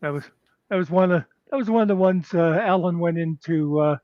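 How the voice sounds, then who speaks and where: A podcast co-host rambles through a casual chat, using fillers and chuckling often. His voice is on the high side and fairly quick. The audio is dry with no echo, slightly muffled.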